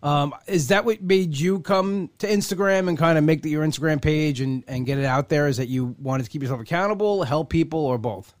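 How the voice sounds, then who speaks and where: Fast-talking man, dry close sound. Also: on the high side, no echo. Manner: rambling, self-deprecating, fast storytelling. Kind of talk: casual conversation.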